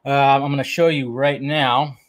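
A man's voice: mid-range voice, level tone, normal speed. A man hosting a livestream in loose, casual chat, greeting viewers by name and swearing now and then. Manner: loose and chatty, reads out viewer names. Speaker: livestream host.

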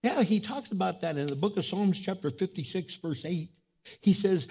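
High-pitched guy preaching, swings loud to hushed, acts out little voices. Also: lively intonation, fairly quick. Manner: acts out voices of people and God. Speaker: pastor. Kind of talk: sermon. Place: church.

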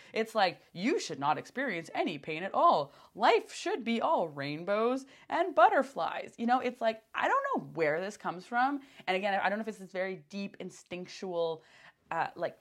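Young woman rambling on her podcast, lots of "like", gets excited retelling stuff. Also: medium pitch. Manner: rambling, many fillers, animated when retelling her own thoughts. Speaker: podcast host. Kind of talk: casual monologue podcast.

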